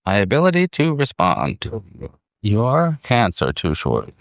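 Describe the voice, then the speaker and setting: A man's voice: fairly low pitch, wildly swooping pitch, slow, gravelly, no room sound. A man hosting a casual livestream outdoors in a park, rambling, easily distracted and laughing often. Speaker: livestream host. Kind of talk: casual chat. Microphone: phone.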